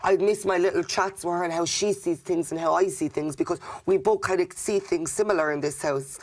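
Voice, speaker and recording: A young Irish man in a reality-show diary room, speaking gently and affectionately about friends in the house. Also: sits high, steady tone, a little fast. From Ireland.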